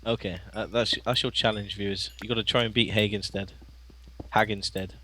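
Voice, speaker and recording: A man co-playing a let's play, talking casually with frequent laughs and lots of halting fillers. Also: lowish voice, fairly even intonation, pushed and bright, a little hiss or hum. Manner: chatty, laughs often, halting with many fillers. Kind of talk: casual gameplay chat.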